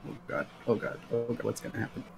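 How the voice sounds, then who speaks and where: A man's voice: mid-range voice, animated, quick pace, creaky, over music. A man playing a game with a friend, joking and reacting playfully. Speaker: co-op player. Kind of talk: casual gameplay chat.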